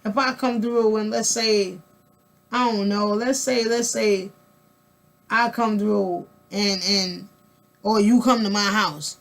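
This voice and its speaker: A woman vlogger with a creaky, medium-pitched voice speaks slowly, her intonation fairly even. She rambles through a casual monologue with restarts, colloquial and emphatic, repeating words and peppering the listener with rhetorical questions.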